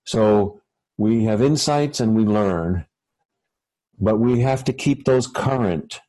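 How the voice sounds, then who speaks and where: A man, a guest author, talking reflectively in a halting way with many fillers and restarts. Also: fairly low pitch, dark tone, dry recording, poor audio. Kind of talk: reflective conversational talk.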